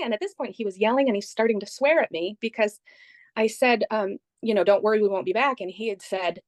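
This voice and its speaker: A woman being interviewed, telling the story of a trip in a lively conversational way and quoting what others said. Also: fairly high pitch, brisk, no room sound. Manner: animated retelling, quoting others.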